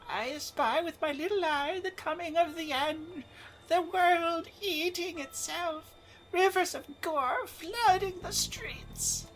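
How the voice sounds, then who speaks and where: A woman's voice: very high voice, slow, a bit bright, soft background music, exaggerated voice, poor audio. Granny Gooley, a woman doing an eerie old granny. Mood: eerie sweet. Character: frail old granny, eerie and doom-saying. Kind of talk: reading game dialogue aloud.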